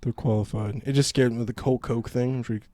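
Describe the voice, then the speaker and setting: A man's voice: medium pitch, steady tone, quick pace, warm tone, no room sound. A man co-hosting a casual gaming podcast, reading news stories aloud and joking about them. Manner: joking, reads headlines and riffs on them. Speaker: podcast co-host.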